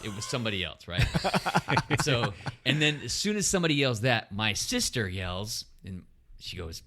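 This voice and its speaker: A man's voice: medium pitch, very animated, normal speed, sharp tone, a little hiss or hum. A man co-hosting a podcast in casual chat, laughing often as he tells stories. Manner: laughs often while telling race stories. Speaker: podcast co-host.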